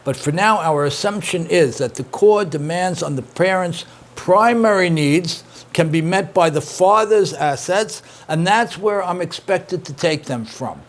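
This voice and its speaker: A man's voice: high voice, animated, unhurried. A middle-aged man, a rabbi teaching an interactive class, who repeats his points and praises his students' answers.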